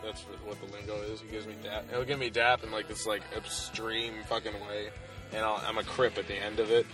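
A man's voice: on the low side, flat delivery, a little fast. Young male co-host, rambling crude comic, filler-heavy, music bed underneath. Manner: rambling, filler-heavy, laughing at own jokes. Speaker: podcast co-host. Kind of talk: crude comedic banter.

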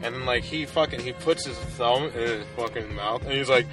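A man's voice: mid-range voice, a little fast, few pauses. Young guy rambling, swearing a lot, says like every other word, music under it. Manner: rambling, profane storytelling with lots of "like". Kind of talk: casual chat.

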